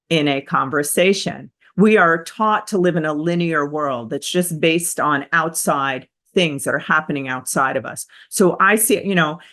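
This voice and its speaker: A woman therapist hosting a motivational self-help talk, energetic and emphatic, with repetitive phrasing. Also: deep voice. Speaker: therapist and host.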